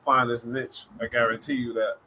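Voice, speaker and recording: A man's voice: mid-range voice, level tone, normal speed, slight background noise, poor audio. Laid-back man hosting a livestream. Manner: laid-back slang-heavy talk, shout-outs to chat. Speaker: livestream host. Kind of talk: casual live-stream chat.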